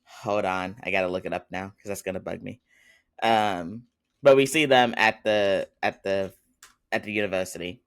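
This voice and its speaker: A male podcast host walks through a drama episode in a relaxed, rambling recap. His voice sits a little low, and he scatters ums and quick chuckles through his telling. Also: smooth. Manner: chatty, rambling, with frequent fillers and little laughs.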